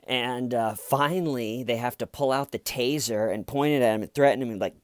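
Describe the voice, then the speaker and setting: A man's voice: medium pitch, a little fast, hardly any pauses, no echo, studio quality. A man telling a story in a casual, rambling way, often restarting and correcting himself. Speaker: channel host.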